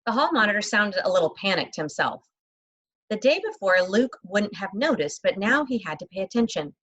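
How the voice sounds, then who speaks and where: A woman reading a children's novel aloud, expressive, lightly voicing the characters and adding chatty asides to the listener. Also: medium pitch, moderate pace, husky, highs cut off.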